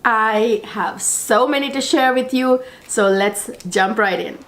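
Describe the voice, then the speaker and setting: A middle-aged woman, hoarse from a cold and husky-voiced, chatting casually to her viewers as a beauty vlogger, rambling with lots of fillers. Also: a little high, slow pace, a bit bright. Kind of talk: casual chat to camera.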